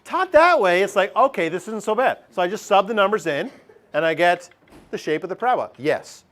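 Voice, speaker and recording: A man's voice: sits high, animated, fairly quick, a bit bright. A middle-aged man teaching a math lesson over a screen recording, chatty, thinking aloud and putting questions to himself.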